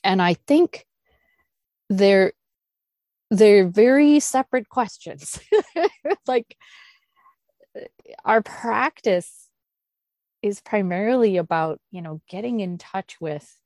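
A woman leading a meditation group discussion, thinking aloud with soft sighs and laughs. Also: medium pitch, expressive, slow, pauses often, no echo. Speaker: Zen teacher leading a discussion. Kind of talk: unscripted dharma talk and Q&A.

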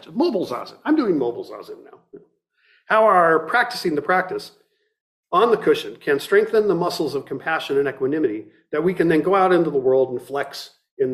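This dharma talk comes from a middle-aged meditation teacher who speaks in a thoughtful, even way, often restarting and reading partly from a book. His voice is mid-range.

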